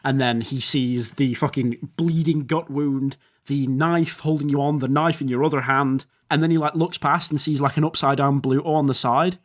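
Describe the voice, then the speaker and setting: A man's voice: mid-range voice, steady tone, moderate pace, hardly any pauses. A man narrating as game master, rambling and descriptive with fillers.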